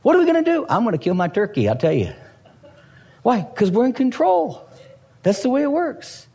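Animated husky-voiced male preacher in a reverberant hall. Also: very high voice, normal speed. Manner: animated, acts out voices of Bible figures with humor. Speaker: pastor. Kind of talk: sermon.

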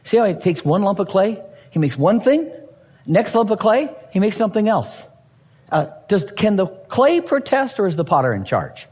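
Man, pastor, sermon, animated, husky, long hall reverb. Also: high voice, normal speed. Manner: animated, acts out voices of Bible figures with humor.

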